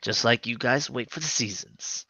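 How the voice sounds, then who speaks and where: A tabletop role-play player who talks slowly and hesitantly, with many fillers, in and out of character. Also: mid-range voice, sharp tone, no room sound.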